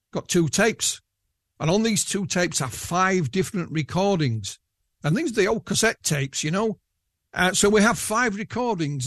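Yorkshire-accented male guest, fairly high, rambling and dry. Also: dry recording. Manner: rambling, with many restarts. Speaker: guest researcher. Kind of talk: casual interview chat.

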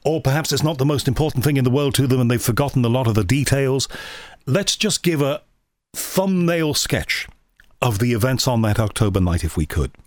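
Male talk-show host, mid-pitched, dry close sound, rambling lead-ins to his questions. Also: animated, brisk, darkish tone, dry recording. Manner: long, winding questions. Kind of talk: interview conversation.

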